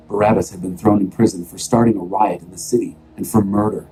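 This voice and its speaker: Deep, mellow-voiced male scripture reader. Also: fairly quick, hardly any pauses, husky, rough recording. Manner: steady, expressive storytelling. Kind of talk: dramatized scripture reading.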